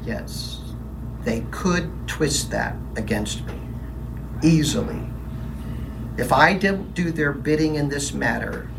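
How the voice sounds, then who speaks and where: A brooding middle-aged Roman governor, played by a man, recounts events in a confessional monologue, defensive and troubled, with his own quoted words delivered emphatically. The voice sits a little high for a man. It is heard from a distance, with a faint hiss behind it. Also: animated, takes it slowly, gravelly, full character voice. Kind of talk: first-person dramatic monologue.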